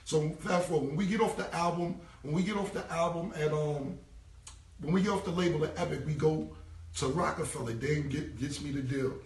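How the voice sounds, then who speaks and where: A man's voice: on the high side, brisk, darkish tone. A man telling a long, profane story on a phone livestream, loose and casual, acting out the people in it. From New York. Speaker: rapper telling stories on a livestream. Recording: roomy, distant phone audio with faint noise.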